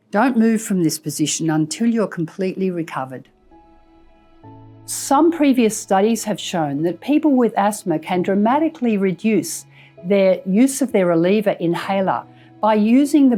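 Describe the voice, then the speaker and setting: A woman health professional giving slow, measured advice on managing breathlessness. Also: mid-range voice, expressive, warm tone, faint music behind. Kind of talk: instructional health narration.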